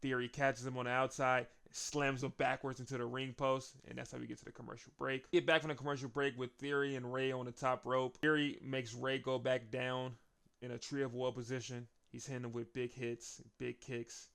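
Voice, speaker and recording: A man with a gravelly voice of middling pitch recaps wrestling in a loose, chatty style, laughing frequently between points. His delivery is flat and moderately paced, with a slightly bright tone.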